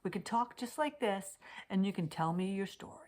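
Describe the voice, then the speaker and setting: A woman's voice: medium pitch, animated, normal speed. A woman coaching decluttering, speaking straight to camera on a computer, dropping to near-whispers and rising to emphatic declarations. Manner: intimate, swings from soft whispers to emphatic declarations. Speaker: Swedish death cleaning coach. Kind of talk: heartfelt direct-to-camera talk. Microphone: webcam on a computer.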